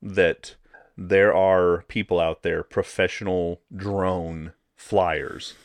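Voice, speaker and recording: A man with a very low voice talks through a film in a casual review chat. He is relaxed and often restarts his words. The sound is dry and close. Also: extremely slow, no echo. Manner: relaxed, repeats words while thinking. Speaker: podcast co-host.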